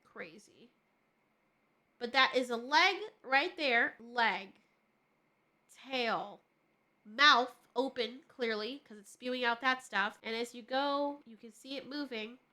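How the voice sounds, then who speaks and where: A woman casually analyzing a movie trailer, excitable and jokey with a bit of swearing, her nose stuffy. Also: on the high side, takes it slowly. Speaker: trailer reviewer.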